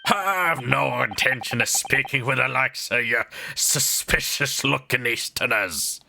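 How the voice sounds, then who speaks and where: A man voicing a gruff, burly male prison governor with a put-on Scottish accent, in a game let's play. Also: mid-range voice, measured pace, noisy background. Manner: gruff, brusque.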